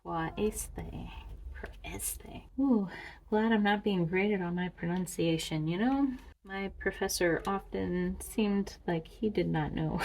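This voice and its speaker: Slow, gravelly woman talking through a lesson. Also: mid-range voice, a little mellow, rough recording. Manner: chatty, thinks aloud, sounds out words slowly. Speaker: student reviewing Greek lessons. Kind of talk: self-made tutorial walkthrough.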